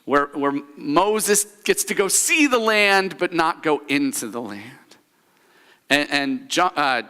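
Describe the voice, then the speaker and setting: A man's voice: a little high, bright, forceful tone, clear, resonant tone. A man preaching a sermon as pastor, telling the story with humor and leading the congregation through a spoken recap. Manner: storytelling, leads congregation in call-and-response recaps. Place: church sanctuary. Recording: church hall reverb.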